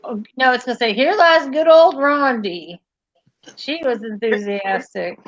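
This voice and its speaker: Casual chat: a high, slow-talking, giggly woman on a dull, lo-fi line. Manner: enthusiastic, giggly, laughs often. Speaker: friend in group chat.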